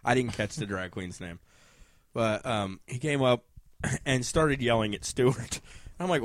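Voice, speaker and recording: A man's voice: mid-range voice, lively intonation, unhurried. Laughing man telling a story. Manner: laughs often, acts out other people's lines. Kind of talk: casual anecdote telling.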